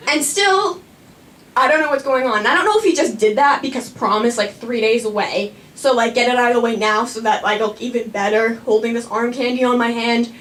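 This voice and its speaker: A woman's voice: a little high, fairly bright tone, recorded from a distance, slight background noise. A young woman telling a personal story live on a small stage, chatty with lots of "like" and frequent laughter.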